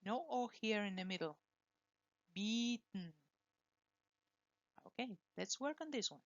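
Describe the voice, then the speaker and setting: A woman teaching English pronunciation, slowly and deliberately modelling words for students to repeat. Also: mid-range voice, expressive, dry recording, dull audio. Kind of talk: pronunciation lesson with drills.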